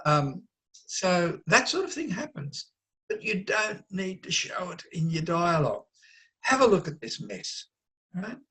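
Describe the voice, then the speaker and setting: A man giving an online lesson on writing dialogue, explaining in an easygoing way and sometimes acting out quick bits of overheard chatter. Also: a little high, fairly bright tone. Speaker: writing teacher.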